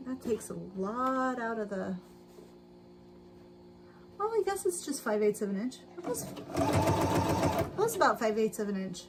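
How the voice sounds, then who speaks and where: Female livestream host, higher voice, unhurried chatty self-talk while sewing at home, noisy stream audio with a sewing machine. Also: sing-song. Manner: chatty, talks to herself while working, laughs often. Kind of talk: casual sewing livestream chat. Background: sewing machine noise.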